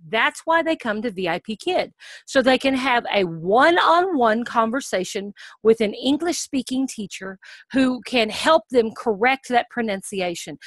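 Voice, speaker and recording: A woman's voice: fairly high pitch, a bit bright, no room sound. Upbeat woman coaching online teachers. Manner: upbeat, coaching, frequent "okay?" check-ins; slow exaggerated teacher voice when modelling words for children. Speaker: online English teacher giving advice. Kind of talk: casual instructional talk to camera.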